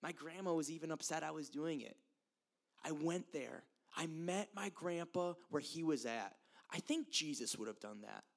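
A man's voice: a little high, lively intonation, moderate pace, creaky. A young man from the United States giving a casual, earnest sermon, talking straight to his listeners and laughing at himself now and then. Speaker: youth preacher.

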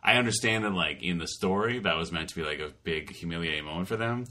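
Male co-host with a deep but bright voice, wry and wandering in casual talk. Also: fast talker. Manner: dry, rambling, wry. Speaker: podcast co-host. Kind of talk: casual chat.

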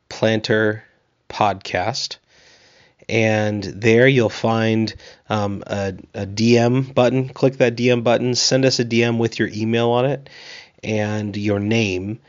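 Flat-toned man reading a podcast promo. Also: fairly low pitch, dry recording. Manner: upbeat, direct address to listeners. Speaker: podcast host. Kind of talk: read promo announcement. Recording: dull, dry lo-fi recording.

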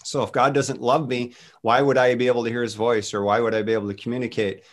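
A man's voice: medium pitch, level tone, quick pace. A middle-aged man, a guest minister, earnestly telling personal faith stories in a casual talk, with many restarts.

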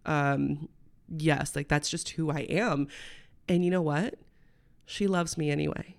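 A woman's voice: low-pitched, steady tone, measured pace, vocal fry. A woman, hosting a personal storytelling podcast in a chatty, rambling, candid way. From Midwestern United States. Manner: chatty and rambling, full of "um" and "like", laughing mid-sentence; candid and heartfelt, turning emotional. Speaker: podcast host.

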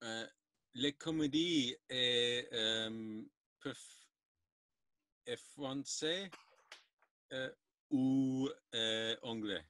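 Man, podcast host, very slow, bright tone, halting, searching for words. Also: mid-range voice. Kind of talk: casual interview chat.

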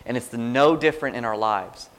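A man's voice: mid-range voice, normal speed, smooth. Conversational male preacher giving a sermon. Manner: conversational, animated preaching with quoted prayers.

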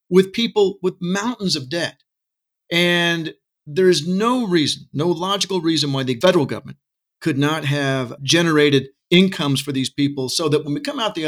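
A middle-aged man with a slightly high voice talks passionately as an interview guest. He argues his point with quick asides and pointed rhetorical questions. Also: a bit bright. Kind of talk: casual interview talk. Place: Texas.

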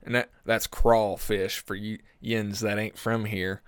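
Young man in his early 20s, low voice, profane rambling comic host, dry recording. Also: level tone, measured pace, clear, resonant tone, no room sound. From Oklahoma. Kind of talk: casual comedic monologue.

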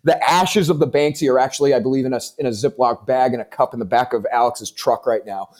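Mellow-voiced man, casual podcast chat. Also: medium pitch, fast. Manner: animated storyteller, swears casually, lots of fillers.

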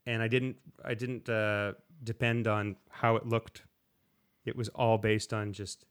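A slide guitarist chats casually in an interview, his lowish, clear, resonant voice moving at a measured pace. Relaxed and a bit rambling, he often restarts sentences and acts out quotes.

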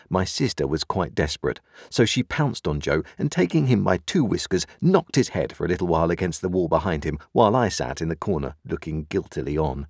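Deep-voiced male audiobook narrator. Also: big pitch swings, a little fast, few pauses, darkish tone, breathy edge, no room sound, studio quality. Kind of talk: scripted narration.

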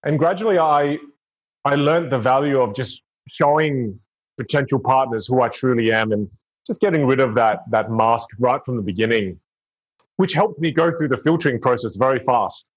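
A man's voice: medium pitch, moderate pace. A man talking earnestly and reflectively in casual conversation, often restarting his sentences. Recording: dull lo-fi sound.

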